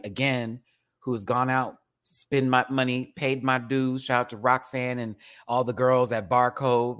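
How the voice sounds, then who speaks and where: A man from Houston hosting a casual livestream review, talking in an animated, campy and profane way with lots of fillers. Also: on the low side. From Houston, Texas. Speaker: livestream show host.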